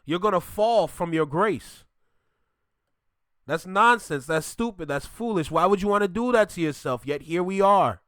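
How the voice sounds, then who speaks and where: Bright-voiced, mock-outraged male reactor. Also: sits high, normal speed, clear, resonant tone, dry recording, clean studio sound. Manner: animated, mock-outraged, joking. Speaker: reaction video host. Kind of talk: casual reaction commentary.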